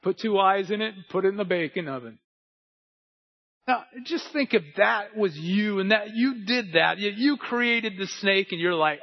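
A man preaching a sermon with an emphatic, repetitive cadence that builds to shouting. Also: high voice, normal speed. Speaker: pastor. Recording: dull lo-fi sound.

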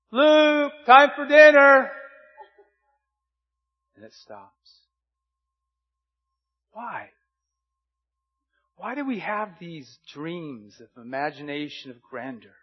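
A man's voice: mid-range voice, slightly rough, highs cut off. A man preaching a sermon as pastor, earnest and fond of repeated rhetorical questions.

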